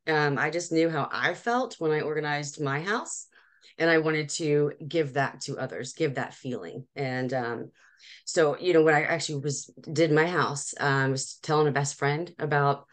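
Low-voiced woman, chatty business owner. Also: normal speed. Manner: animated storyteller, frequent laughs and restarts. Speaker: professional organizer, guest. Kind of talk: casual interview chat.

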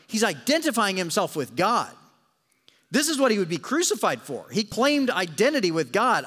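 A male pastor preaching a sermon with animated, dramatic storytelling and joking asides. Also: sits high, brisk. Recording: long hall reverb.

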